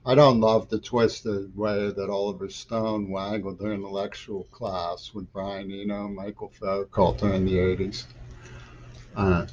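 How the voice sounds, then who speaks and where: Middle-aged male poet for a home vlog; low-pitched, digressive and increasingly insistent, dull lo-fi sound. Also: a little mellow, a little hiss or hum. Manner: digressive, loose trains of thought that grow insistent. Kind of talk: rambling political monologue.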